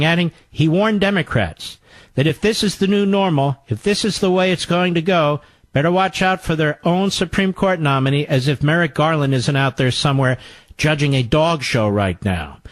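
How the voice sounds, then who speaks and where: A man's voice: a little high, dry recording. A man hosting a talk show, delivering a combative political monologue with sarcastic, mocking asides.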